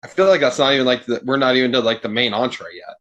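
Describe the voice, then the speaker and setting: A man as a podcast guest, talking in casual chat and sounding exasperated, swearing freely and getting animated. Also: mid-range voice, quick pace, dull audio.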